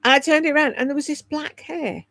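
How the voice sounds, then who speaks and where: Gravelly woman in her sixties. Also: sits high, quick pace, a bit bright, dry recording. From United Kingdom. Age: 60s. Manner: swears freely, laughs often, candid and rambling. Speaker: livestream host reading chat. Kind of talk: casual chat on a livestream. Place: at home.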